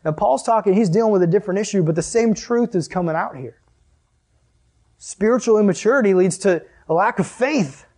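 A man's voice: sits high, lively intonation, brisk, warm tone. A man preaching a casual sermon as a youth pastor, conversational and emphatic with joking asides.

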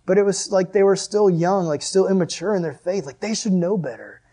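Youth pastor, male, slightly high voice, chatty and emphatic sermon delivery with light jokes. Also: a little fast, mellow. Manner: conversational, joking asides, emphatic. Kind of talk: casual sermon.

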